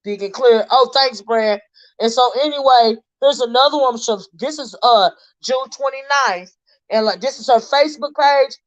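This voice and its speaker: Chatty woman hosting a livestream. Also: fairly high pitch. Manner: chatty, talks straight to viewers, halting restarts while reading posts aloud. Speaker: livestream host. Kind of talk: casual commentary on a crime case. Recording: slightly dull lo-fi stream audio.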